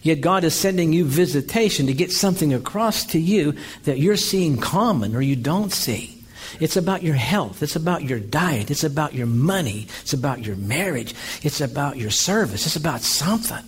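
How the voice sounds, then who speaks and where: A male pastor preaching an energetic sermon, telling stories and calling for amens. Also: fairly high pitch, moderate pace, husky. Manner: energetic, calls for amens, storytelling.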